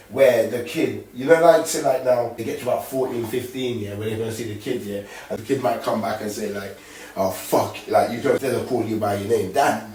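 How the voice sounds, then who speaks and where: A man's voice: mid-range voice, darkish tone. A man talking casually, rambling in street slang with lots of tag questions as he gives advice as a dad. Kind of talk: casual monologue. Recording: echoey room from far off.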